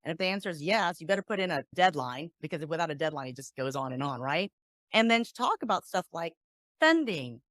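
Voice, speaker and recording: A woman's voice: sits low, a little fast, no room sound, clean studio sound. A woman mediator and negotiation coach talking in a podcast interview, acting out sample exchanges as she explains. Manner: animated, acts out example dialogues.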